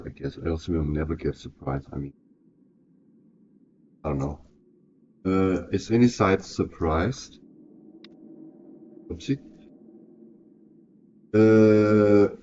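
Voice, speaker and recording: A man's voice: low-pitched, mellow, lo-fi sound, slight background noise. A man narrating a solo tabletop game, thinking aloud and often correcting himself.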